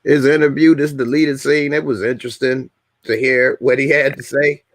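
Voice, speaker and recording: Brief: laid-back male host, raspy fry, dry close sound. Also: mid-range voice, moderate pace, dry recording. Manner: relaxed, loose slang. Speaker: show host. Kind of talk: casual TV review chat.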